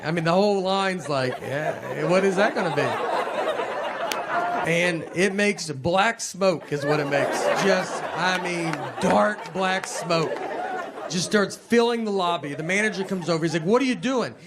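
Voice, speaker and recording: Deadpan stand-up comic, loud laughing crowd. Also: male voice, sits high, a little slow, very noisy. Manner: deadpan, understated delivery with quoted voices. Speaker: stand-up comedian. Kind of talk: stand-up comedy storytelling. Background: audience laughing.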